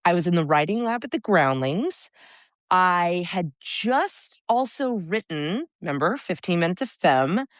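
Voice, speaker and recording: A woman's voice: lowish voice, sing-song, a little slow, no room sound, clean studio sound. A woman, a comedic stage performer, chatting as an interview guest, telling self-mocking stories and laughing often. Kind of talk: casual interview chat.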